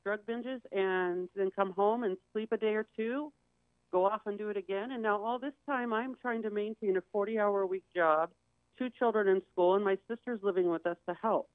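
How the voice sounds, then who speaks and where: A woman's voice: mid-range voice, normal speed, dry recording. Woman guest recounting a hard story, plain and candid, thin lo-fi line. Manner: candid, acts out quoted voices. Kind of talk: personal storytelling on a talk show. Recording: tinny phone-like dry sound.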